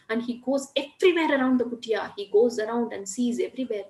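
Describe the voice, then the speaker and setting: A woman's voice: on the high side, quick pace, hardly any pauses, reverberant. Chatty woman storyteller. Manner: lively, with many fillers and asides. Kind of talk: spoken storytelling.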